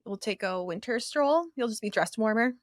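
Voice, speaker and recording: A woman's voice: fairly high pitch, lively intonation, normal speed, no echo, clean studio sound. A woman co-hosting a podcast in casual chat, mostly giving short replies and teasing questions. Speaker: podcast co-host.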